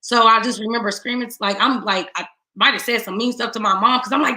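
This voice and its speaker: A middle-aged woman giving a raw, emotional personal testimony. She swings between tearful hushed moments and rising outbursts. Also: on the high side, fairly quick, hardly any pauses, echoey room. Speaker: guest speaker.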